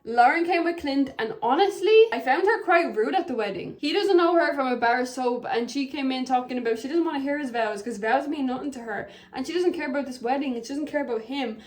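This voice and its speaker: A woman's voice: sits high, expressive, brisk, hardly any pauses. A young woman vlogging a casual, blunt, gossipy recap of a reality show. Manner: gossipy, blunt, dramatic about the cast.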